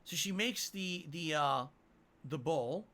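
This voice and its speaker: A man's voice: fairly high pitch, animated, slow pace, bright, forceful tone. A man earnestly telling a rambling personal story on a stream. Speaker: streamer in a played clip. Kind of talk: casual storytelling.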